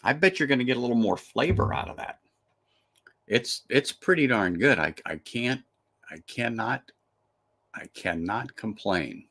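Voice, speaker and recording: A man's voice: medium pitch, expressive, unhurried, fairly bright tone. A man hosting a live stream, reviewing a whiskey in casual, chatty talk full of restarts and fillers.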